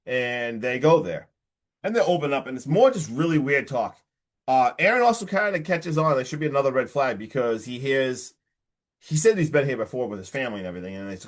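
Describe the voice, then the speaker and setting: A man hosting a podcast, recapping a film in a casual, animated way with lots of filler words. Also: mid-range voice, normal speed. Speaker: podcast host.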